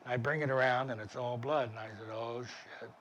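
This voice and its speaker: A man's voice: mid-range voice, fairly even intonation, fast talker, a bit bright, dull audio, a little hiss or hum. An older man, an army veteran, recounting his war memories in a vivid, plainspoken way with frequent restarts. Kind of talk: war memoir storytelling.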